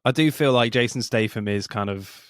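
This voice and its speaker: A man's voice: mid-range voice, moderate pace, dry recording. Easygoing male host, dry close mic. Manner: easygoing, asks the questions. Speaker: podcast host. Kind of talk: casual podcast chat.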